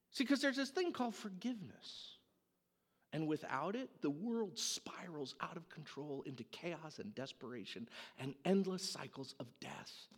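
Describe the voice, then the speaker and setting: A man preaching a sermon, telling a dramatic story in an animated way. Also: fairly high pitch, slightly rough, in a large hall. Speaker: pastor.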